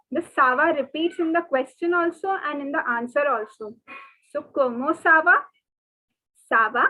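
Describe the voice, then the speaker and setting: A woman teaching a French lesson online. She speaks slowly and repeats phrases, spelling words out and drilling pronunciation. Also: sits high, pushed and bright. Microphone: video call. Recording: tinny phone-like webinar audio.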